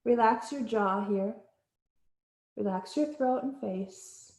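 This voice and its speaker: Soothing woman guiding yoga, echoey room. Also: on the high side. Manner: slow, soothing cues with soft pauses. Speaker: yoga instructor. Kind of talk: guided yoga class instruction.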